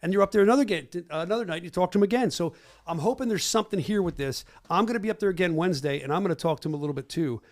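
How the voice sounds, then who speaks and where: A man's voice: high voice, rapid-fire, a little mellow. A middle-aged man hosting a podcast, brash and joking as he talks over video clips. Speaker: podcast host. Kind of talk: casual podcast chat.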